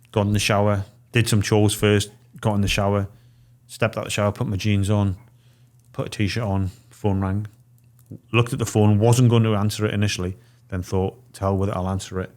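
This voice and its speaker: A man in his forties with a low voice tells a story in a casual podcast chat. He lays it out step by step and drops into the voices of the people he meets as he quotes them. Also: a little mellow. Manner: vivid storyteller, acting out quoted dialogue. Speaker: podcast guest.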